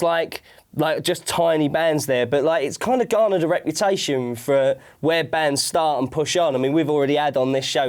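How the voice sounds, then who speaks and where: High-voiced man hosting music TV. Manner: jokey asides, lively reading, chatty fillers. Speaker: TV presenter. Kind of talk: comic music-TV presenting and interviewing.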